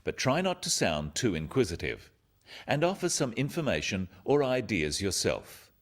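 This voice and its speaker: Casting: deep-voiced male narrator, highly animated intonation, clear and instructive, scripted lesson narration. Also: moderate pace.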